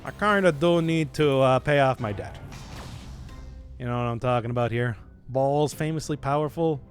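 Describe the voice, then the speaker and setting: A man's voice: mid-range voice, moderate pace, faint music behind. A man giving casual, joking commentary while playing a video game, often teasing himself. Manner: playful, joking, self-deprecating. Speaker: gaming streamer.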